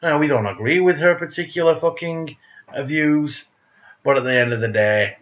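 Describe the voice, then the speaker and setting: A man's voice: on the high side, moderate pace, a bit bright, dull audio. A man ranting in a casual monologue, blunt, profane and sarcastic, who speaks of himself as "we". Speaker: vlogger.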